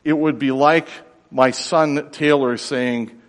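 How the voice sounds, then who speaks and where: A man preaching in a long-echoing hall, his voice pitched in the middle range. He delivers the sermon with drama, sinking to hushed tones and then swelling to loud cries. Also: steady tone, slow. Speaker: pastor. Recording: reverberant hall.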